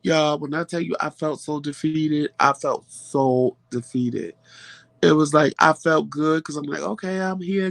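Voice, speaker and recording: A man hosting a vlog, telling a story in a dramatic, profane, animated way, his voice going hoarse. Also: fairly high pitch, no echo. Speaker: vlog host. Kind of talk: casual storytelling chat.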